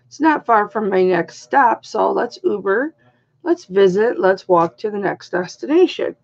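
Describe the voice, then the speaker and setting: Middle-aged woman vlogger, husky and unhurried, slightly dull lo-fi audio. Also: medium pitch. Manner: rambling, animated retelling with quoted voices. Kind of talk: casual haul vlog storytelling.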